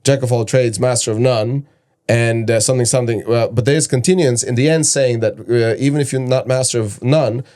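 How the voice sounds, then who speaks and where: A man's voice: medium pitch, fairly even intonation, brisk, a little mellow. A man from Latvia hosting a podcast, speaking English with a Latvian accent in a playful, casual way, often laughing. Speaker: podcast host. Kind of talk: casual interview chat.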